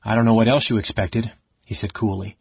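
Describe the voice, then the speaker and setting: Gruff troubled warrior as a male narrator voices him, low and husky, dull dry audiobook sound. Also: fairly even intonation, brisk, no echo. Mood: cool. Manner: gruff, pleading, grows loud. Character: burly male warrior, troubled and quick-tempered.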